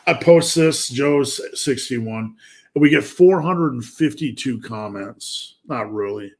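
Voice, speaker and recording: A man's voice: mid-range voice, takes it slowly. A man hosting a live fitness Q&A stream, chatting casually and asking himself rhetorical questions.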